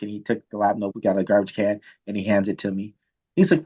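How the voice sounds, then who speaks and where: A man teaching chemistry, telling a story from his student days in a casual, animated way and checking in with "right?" often. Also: on the low side, fast, husky, dull audio. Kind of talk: storytelling lecture.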